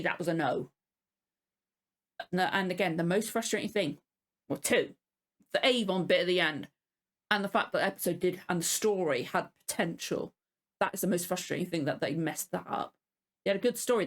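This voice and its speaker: Exasperated woman ranting. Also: mid-range voice. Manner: exasperated ranting, swearing, apologetic. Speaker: reaction video host. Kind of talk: casual spoken review.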